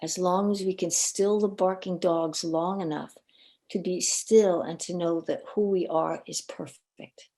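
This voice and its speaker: A woman speaks as a podcast guest, her voice low-set and mellow. She tells personal stories with an earnest, animated delivery and often stumbles over repeated words. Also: unhurried. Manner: earnest, animated storyteller with frequent word repeats. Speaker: guest coach and minister. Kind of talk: personal storytelling in a podcast interview.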